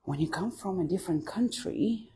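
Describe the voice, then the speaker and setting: A woman with a Russian accent talks as a guest in a relaxed interview. Her voice sits a little low, and she speaks reflectively, often trailing off softly with fillers. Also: normal speed, a little hiss or hum. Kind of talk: casual conversational interview.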